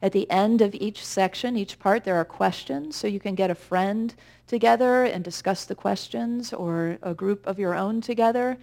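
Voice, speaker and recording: A woman minister giving a conversational, gently humorous sermon with reflective pauses. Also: mid-range voice, gravelly.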